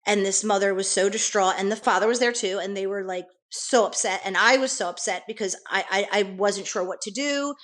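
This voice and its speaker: A middle-aged woman speaks as an interview guest, retelling events in careful, earnest detail. Her voice sits at an ordinary middle pitch, and she often stops and restarts her sentences as she works through the story. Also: fairly quick, few pauses, a bit bright. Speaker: nurse guest.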